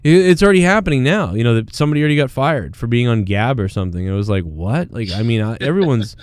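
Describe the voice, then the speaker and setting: Podcast host, male, smooth voice, ranting and profane, dry close mic. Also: mid-range voice, animated, racing, no room sound. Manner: heated, rambling, swears often. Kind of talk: casual profane chat.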